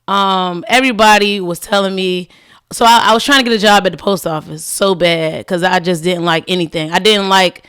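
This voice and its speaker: Speaking at a normal speed in a clear, resonant, mid-pitched voice, this woman is a podcast guest who owns a cleaning business. Her casual storytelling is animated and laced with frequent "like," and she keeps slipping into other people's voices to act out what they said.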